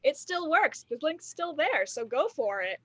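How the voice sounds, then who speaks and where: A woman's voice: high voice, sing-song, measured pace. A woman hosting an online improv show, setting up scenes in a playful mock-earnest way. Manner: mock-earnest, chatty with fillers.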